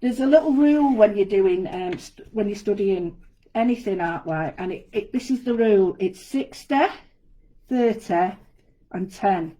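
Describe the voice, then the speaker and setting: A woman's voice: medium pitch, animated, measured pace, warm tone, poor audio. A woman giving a chatty, step-by-step live craft demonstration from an indoor studio. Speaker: guest designer demonstrating a craft.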